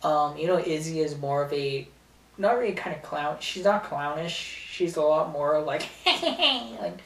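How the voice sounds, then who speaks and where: Slow rambling man, echoey room. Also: on the high side, animated, gravelly, fairly bright tone. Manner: rambling, full of fillers and giggles. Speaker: host of a top-ten video show. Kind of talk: casual top-ten commentary. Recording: roomy, distant from mic.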